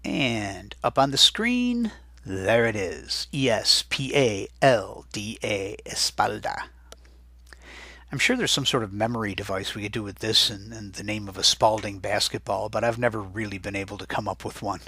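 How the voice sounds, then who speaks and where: A man with a husky, bright voice and a fairly low pitch, giving a chatty recorded vocabulary lesson. He repeats each word slowly, as if for dictation. The sound is close and dry. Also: animated, dry recording. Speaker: Spanish teacher.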